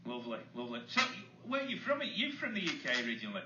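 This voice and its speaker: A man's voice: mid-range voice, wildly swooping pitch, pushed and bright, roomy sound, lo-fi sound, a little hiss or hum. A man with a Manchester accent, casually bantering as a radio show host in a chatty, jokey way. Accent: Mancunian. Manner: chatty, jokey, quick-talking.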